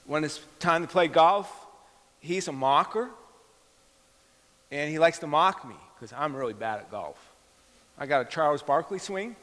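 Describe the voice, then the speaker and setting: A man's voice: a little high, animated, measured pace, pauses often, fairly bright tone. A middle-aged man preaching a sermon, telling a personal story and acting out the voices in it. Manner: storytelling, acts out quoted dialogue. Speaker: pastor. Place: church hall. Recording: long hall reverb.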